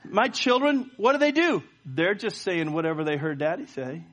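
A middle-aged pastor preaches a sermon and leads a prayer at a church service, telling stories and often stammering as he repeats words. His voice sits high and sounds fairly bright, with lively intonation and a normal speed.

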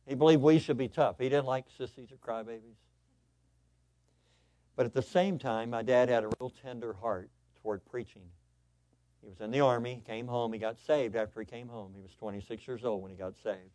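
A male pastor preaching a sermon, telling personal stories in an animated, excitable way with lots of repetition. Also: mid-range voice, moderate pace, no room sound.

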